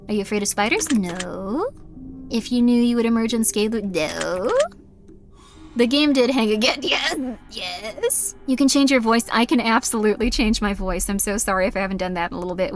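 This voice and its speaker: A woman streaming a game live, giggling, apologizing and reading questions aloud before answering them. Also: mid-range voice. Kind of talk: live gameplay commentary.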